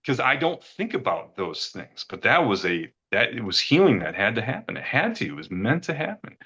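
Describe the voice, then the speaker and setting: A man's voice: mid-range voice, very animated, moderate pace, few pauses, pushed and bright, breathy edge, highs cut off. A middle-aged man earnestly recounting a personal experience, rambling and repeating words when he gets emotional. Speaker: retreat guest giving a testimonial.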